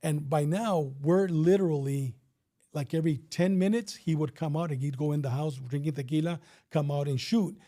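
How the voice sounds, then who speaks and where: Animated middle-aged man spinning a yarn. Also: on the high side, moderate pace. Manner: animated, acts out quotes, swears freely. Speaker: retired police officer, guest. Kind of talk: casual storytelling.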